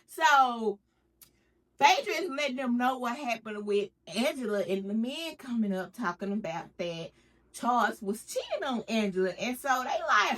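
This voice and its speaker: A woman's voice: fairly high pitch, expressive, normal speed, a bit bright. A woman giving a casual TV recap, acting out the cast's lines with big swings in her voice. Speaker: recap vlogger.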